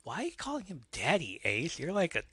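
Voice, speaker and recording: A man's voice: fairly high pitch, huge pitch swings, brisk, a bit bright, breathy edge, no room sound. A man hosting a podcast, recapping a show in a casual way and laughing at his own asides. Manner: reads scene aloud, imitating characters with a drawl, laughing asides. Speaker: podcast host.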